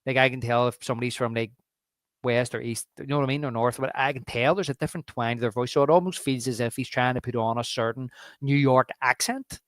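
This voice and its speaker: A man from Northern Ireland with a Belfast accent, co-hosting a casual film podcast and acting out movie lines in quick impressions. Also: mid-range voice, no echo, clean studio sound. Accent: Northern Irish (Belfast). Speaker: podcast co-host.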